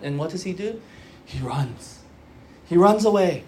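A man's voice: high-pitched, moderate pace, a little hiss or hum. A man in his thirties preaching a sermon in a conversational way, asking rhetorical questions and explaining scripture. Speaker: pastor.

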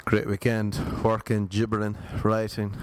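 A man hosts his own podcast alone, talking in a loose, rambling way and bantering with himself. His voice sits low, with a faint hiss behind it. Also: monotone, unhurried. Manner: rambling, joking asides to himself. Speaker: podcast host. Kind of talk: casual solo podcast chat. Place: home in Los Angeles.

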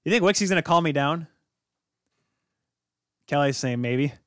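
A man hosting a hockey podcast, rambling excitedly and calling his viewers kids. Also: on the high side, moderate pace, no room sound, studio quality. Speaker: podcast host. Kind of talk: casual hockey talk.

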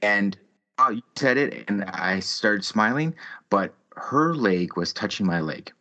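Low-pitched yet bright and forceful, this thirty-something podcast host speaks expressively and a little slowly. He tells a story in casual conversation, cursing heavily and ranting over the top, on slightly muffled lo-fi audio.

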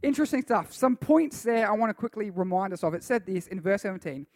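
High-voiced animated youth preacher. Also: male voice, fast, no echo, clean studio sound. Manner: animated, acts out voices and reads scripture aloud. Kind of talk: sermon to a youth group.

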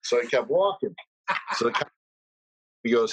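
A man's voice: mid-range voice, lively intonation, moderate pace, slightly rough, no room sound, poor audio. A man in casual podcast chat, telling a rambling, swear-laden anecdote.

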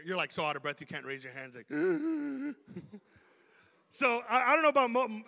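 A man preaching a sermon to a room, animated and joking as he makes his points. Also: high voice. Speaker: pastor. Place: church auditorium. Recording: reverberant hall. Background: long hall reverb.

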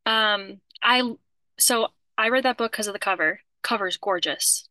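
A woman's voice: mid-range voice, measured pace, bright, forceful tone, no room sound. A woman co-hosting a podcast in casual chat, talkative and often restarting her sentences. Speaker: podcast co-host.

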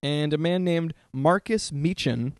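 A man's voice: a little high, unhurried, clean tone, no room sound. A man hosting a casual comedic podcast, joking around and laughing at his own puns. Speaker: podcast host.

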